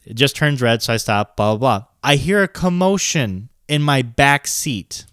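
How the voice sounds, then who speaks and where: A young adult man casually telling a story on a podcast, animated and swearing, with laughs breaking in. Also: medium pitch, normal speed, clean tone, no room sound, clean studio sound.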